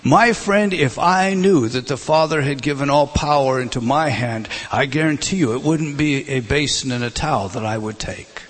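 Husky-voiced man preaching a sermon. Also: medium pitch, normal speed, hardly any pauses. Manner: emphatic, repeats words and restarts, swings between loud and hushed.

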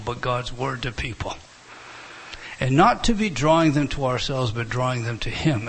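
A man preaching an expository Bible teaching, animated and repeating and restarting phrases as he explains the text. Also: mid-range voice, breathy edge.

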